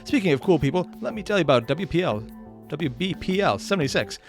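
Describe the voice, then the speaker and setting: A man hosting a reaction video, sarcastic and excitable, swearing freely. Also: a little high, quick pace, soft background music. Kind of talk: reaction commentary.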